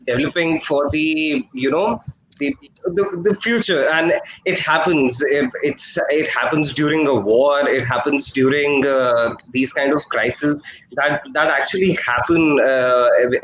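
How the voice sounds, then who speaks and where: A man's voice: a little high, fairly bright tone, a little hiss or hum, rough recording. A man speaking as a guest actor-producer on a video call, hesitant, with many fillers and restarts. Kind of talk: casual video-call interview.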